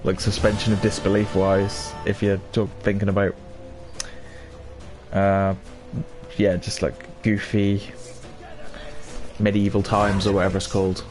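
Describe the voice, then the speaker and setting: A man's voice: lowish voice, completely flat delivery, unhurried, pauses often, darkish tone. A man casually musing aloud while commenting on a video game, rambling and laughing at himself. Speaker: gaming streamer. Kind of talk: casual commentary over gameplay. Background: game music.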